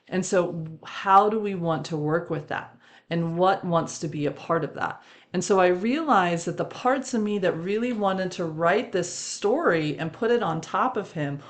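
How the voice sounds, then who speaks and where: A woman hosting a reflective spiritual podcast, telling a personal story and laughing often between phrases. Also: lowish voice. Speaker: podcast host.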